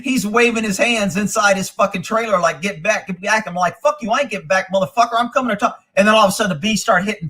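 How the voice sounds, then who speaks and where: A man spins a profane story on a live show, his voice high and bright. He swears freely and acts out the people he quotes. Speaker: host. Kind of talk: casual live-stream storytelling.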